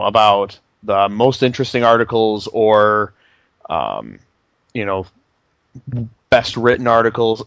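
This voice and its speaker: A man's voice: on the low side, clean tone, no room sound. A man co-hosting a casual gaming podcast, explaining things in an easygoing way with many fillers. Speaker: podcast co-host.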